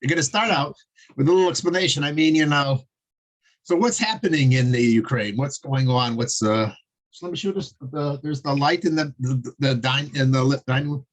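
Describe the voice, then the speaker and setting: A man's voice: mid-range voice, moderate pace. A man teaching a casual online Torah class over a video call, chatty and digressive, chuckling as he tells jokes.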